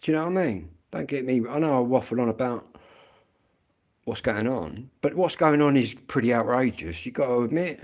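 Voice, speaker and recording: Middle-aged bloke on a livestream, rambly and blunt, swears a lot. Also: male voice, medium pitch, expressive, normal speed, darkish tone. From England. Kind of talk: casual livestream chat.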